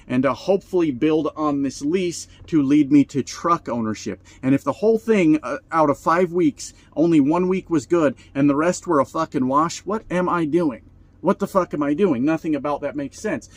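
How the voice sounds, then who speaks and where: A man's voice: on the high side, moderate pace, no echo. A man who drives trucks over the road, venting in a heated, profane vlog rant from his truck cab.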